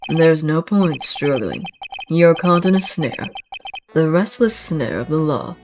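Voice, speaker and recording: A woman reading a cool, brooding male prosecutor from a courtroom game in a low, hushed voice. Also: animated, slow pace, a little hiss or hum.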